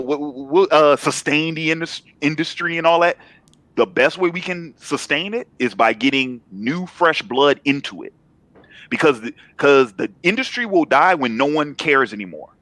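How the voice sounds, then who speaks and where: A man's voice: on the high side, a bit bright, no room sound. A man in his thirties, a comic writer chatting as a guest in an interview, laid-back and slangy, often circling back to repeat himself as he builds a point. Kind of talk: casual interview chat.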